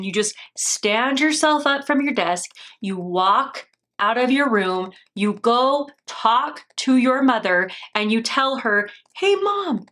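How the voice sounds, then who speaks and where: A woman's voice: on the high side, fairly bright tone. An American woman hosting a reaction video, rambling and laughing often, with a sarcastic edge. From United States. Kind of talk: casual commentary.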